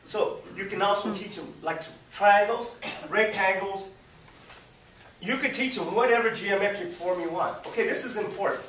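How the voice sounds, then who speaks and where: A man teaching a group how to guide visually impaired students, repeating "boom" to mark each point as he demonstrates. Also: normal speed, fairly bright tone. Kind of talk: live demonstration talk. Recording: echoey room, speaker far from mic.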